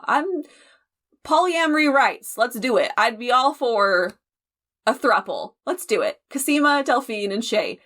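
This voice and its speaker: Young female reaction host, a bit high-pitched, chatty and expressive, laughs a lot. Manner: animated and emotional, laughs often, speeds up for sign-off. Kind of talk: casual reaction commentary.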